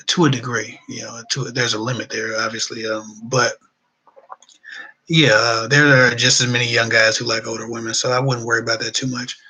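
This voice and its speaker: A man's voice: medium pitch, bright, forceful tone, poor audio. A middle-aged man hosting a live relationship Q&A, chatting casually and reading out viewer comments, with loose colloquial phrasing. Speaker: relationship advice host.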